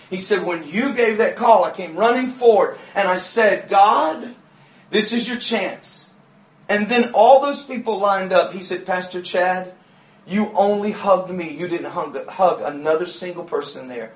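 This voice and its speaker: A man with a drawl preaches a sermon, acting out the people in his stories and rising to shouts. His voice sits high, and the church room around him rings with echo. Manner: animated storytelling, acting out quotes and shouting at peaks. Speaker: pastor. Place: church sanctuary.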